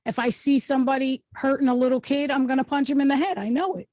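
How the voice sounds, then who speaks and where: A woman's voice: sits high, steady tone, quick pace, a little mellow, no echo. A woman hosting an online workshop over a video call, teaching in an emphatic, instructive way and often checking in with the group. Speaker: host and speaking coach.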